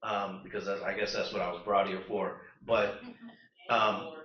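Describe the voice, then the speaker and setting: A man's voice: sits low, level tone, moderate pace, a little hiss or hum. A man speaking as a panelist at a community event, serious and urgent, with frequent ums. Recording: roomy, dull, distant recording.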